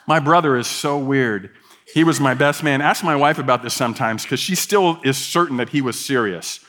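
A middle-aged man preaching a sermon as pastor, telling stories with quoted asides in an animated way. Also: medium pitch.

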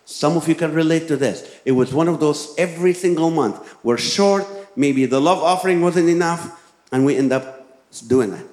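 A man's voice: on the high side, normal speed, darkish tone. A man preaching a sermon as a pastor, telling a personal story and then urging his listeners with emphatic exhortations. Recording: roomy echoing hall.

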